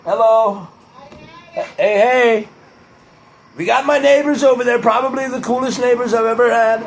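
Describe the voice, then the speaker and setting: A man's voice: very high-pitched, measured pace, gravelly, a little hiss or hum, voice pushed up, heavily acted. A man doing an impression of a brash, boastful older male politician, full of superlatives and blunt off-color remarks.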